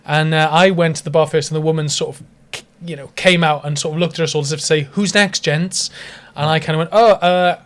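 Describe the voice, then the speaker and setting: Wry, teasing man with a higher voice. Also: flat delivery, rapid-fire, hardly any pauses. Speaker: podcast co-host. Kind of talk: casual chat. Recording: close to the mic.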